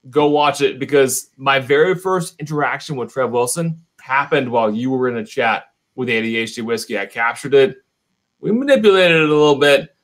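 A tipsy man talking over a video call on a whiskey stream, upbeat and chummy, throwing in a friendly "buddy" as he talks. His voice sits at an ordinary middle pitch, loose and easygoing. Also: fairly bright tone. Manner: enthusiastic, chummy, calls people buddy. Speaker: whiskey YouTube co-host, guest. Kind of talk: casual livestream chat.

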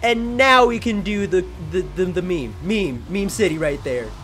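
A young man at home giving jokey, excitable let's-play commentary, often shouting at the game. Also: high-pitched, normal speed, soft background music. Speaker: gaming channel host. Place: his room at home.

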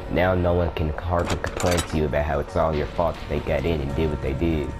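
A man's voice: very deep voice, little pitch movement, a little fast, loud music behind the voice. A young man casually commenting on a video game, rambling and joking as he plays. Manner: rambling, joking, self-interrupting. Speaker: gaming let's-play host.

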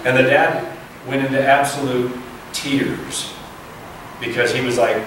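A man's voice: mid-range voice, fairly even intonation, unhurried. Man preaching in an echoey, noisy hall. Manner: acts out dialogue in a story. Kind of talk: sermon storytelling. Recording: echoey room from far off, noisy.

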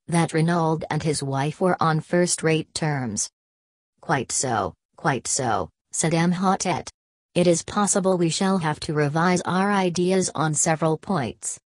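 Woman narrator, low pitch, dry close studio sound, steady reading of a mystery novel. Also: no echo. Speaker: audiobook narrator.

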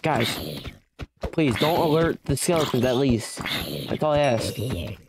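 A man's voice: medium pitch, a little slow, background noise. A young man giving let's play commentary, frantic and pleading as he bargains with the creatures in his game. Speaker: gamer.

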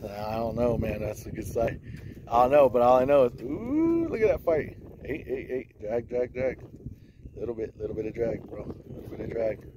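A man's voice: mid-range voice, moderate pace. A young man filming his friend fishing outdoors, coaching him with lots of slang and swearing. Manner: coaching, swears often, calls friend bro and dude. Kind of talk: excited casual chat while filming. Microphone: phone camera. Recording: outdoor phone recording with steady background noise.

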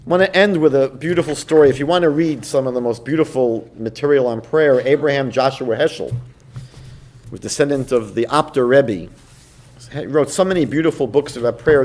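A man with a somewhat high voice gives a rabbi's evening lecture. He teaches conversationally, moving between stories and passages he reads aloud. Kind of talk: evening lecture in a seminar series.

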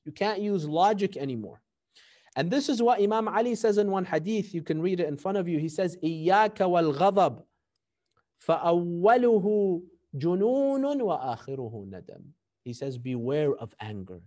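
A man teaching a seminary ethics class, telling stories with animated delivery and quoting sayings before translating them. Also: sits high, brisk. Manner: animated storytelling, quotes Arabic hadith then translates. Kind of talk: recorded class lecture.

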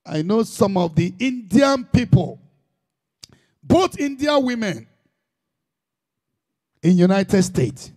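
A man's voice: sits high, very animated, takes it slowly, pauses often, darkish tone. A man with a Nigerian Igbo accent, preaching a sermon as a pastor in an impassioned, emphatic style full of repetition.

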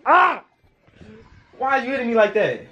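A man's voice: extremely high pitch, wildly swooping pitch, normal speed, sharp tone, lo-fi sound, a little hiss or hum. A man filming a casual home vlog as a young father, playfully laughing and scolding his toddler in a bedroom.

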